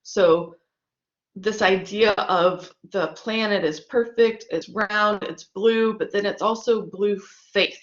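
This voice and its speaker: A woman's voice: medium pitch, slow pace. A woman teaching about her own sonnet, explaining rhyme and meter and tapping out the rhythm syllable by syllable. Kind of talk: lecture on poetic meter. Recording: echoey room, dull lo-fi sound.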